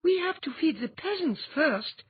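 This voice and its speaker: A woman's voice: high voice, very animated, a little slow, no room sound, pitched above the performer's own voice. A man voicing a fierce, commanding young queen in an audiobook. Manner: sharp, commanding. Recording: dull lo-fi audiobook recording.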